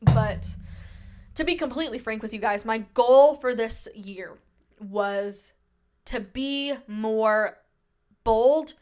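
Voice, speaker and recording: A woman's voice: on the high side, slow, a little mellow. A young woman hosting her own podcast, talking casually and at length, full of fillers and self-reassurance, shy and introverted by her own account. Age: young adult. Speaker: podcast host. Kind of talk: casual solo podcast chat.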